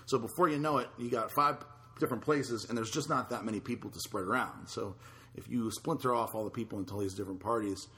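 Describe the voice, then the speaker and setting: A man's voice: fairly low pitch, fast, bright, forceful tone. A man hosting a podcast in casual chat, talking in a loose, blunt way with casual swearing. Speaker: podcast host.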